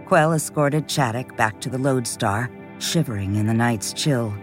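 Man, audiobook narration, measured delivery, mid-range pitch, faint background music. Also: a little mellow. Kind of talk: scripted narration.

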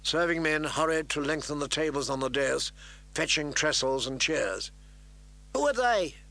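A male narrator reads a fantasy novel aloud in a measured, steady way. His voice sits a bit high for a man and rings bright and clear. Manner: measured, even storytelling. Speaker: audiobook narrator.

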